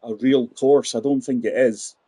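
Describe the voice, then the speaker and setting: A man's voice: medium pitch, fairly even intonation, moderate pace, warm tone, slightly rough, dry recording. A man in his forties giving chatty, rambling commentary while playing a golf video game and talking to his viewers. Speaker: gaming channel host. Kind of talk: casual gameplay commentary.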